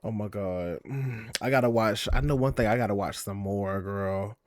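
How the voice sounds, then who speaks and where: A man's voice: on the low side, normal speed, no room sound, clean studio sound. A young man live-streaming in a sassy, chatty way, swearing a lot and calling his viewers "girl" and "y'all.". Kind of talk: casual live-stream chat.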